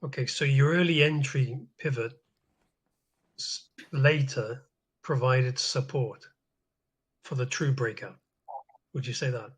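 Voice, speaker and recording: A man's voice: medium pitch, slow pace, pauses often, slightly rough, rough recording. A man in a casual discussion, tentatively checking his understanding.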